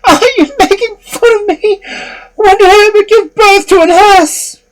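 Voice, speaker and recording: A storyteller voicing a frantic, shrill old mother who shrieks in alarm, with a husky edge. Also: huge pitch swings, slow, mellow, full character voice. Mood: shrieking.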